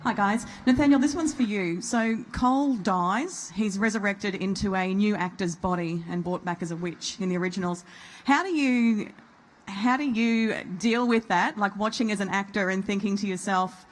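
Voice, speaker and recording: A woman's voice: medium pitch, normal speed, rough recording. A woman fan asking a question from the audience, eager and slightly nervous. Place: convention hall audience.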